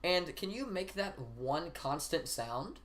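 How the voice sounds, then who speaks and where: A man streamer bantering casually on a live stream, making teasing deadpan requests with occasional laughing asides. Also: fairly high pitch, takes it slowly.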